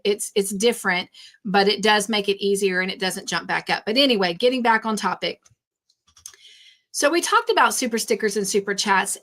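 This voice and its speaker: A woman's voice: mid-range voice, fairly bright tone. Rambling woman livestream host. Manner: rambling, repeats herself when nervous. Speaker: craft channel host. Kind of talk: casual livestream chat.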